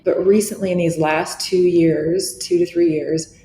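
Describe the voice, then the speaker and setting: A woman's voice: lowish voice, steady tone, measured pace, dark tone. A middle-aged woman, a podcast guest, speaking earnestly and reflectively, often restarting her sentences. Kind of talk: candid interview talk. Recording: echoey room with faint noise.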